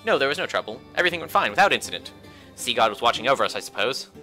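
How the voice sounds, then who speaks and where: A man's voice: medium pitch, sing-song, rapid-fire, pushed and bright, poor audio. A man voicing a young sailor in a visual novel who speaks in an earnest and flowery way. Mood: tender. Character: young sailor man, sweet-talking and gentle. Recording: faint music behind.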